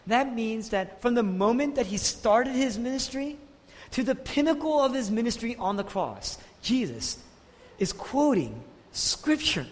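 A man preaching a sermon, emphatic and full of rhetorical questions, swinging between loud declarations and hushed passages. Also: very high-pitched, very animated, a little slow, in a large hall.

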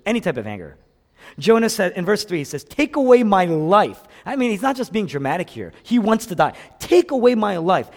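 A male pastor preaching a sermon with a dynamic delivery that swings from loud exclamations to hushed lows. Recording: long hall reverb.

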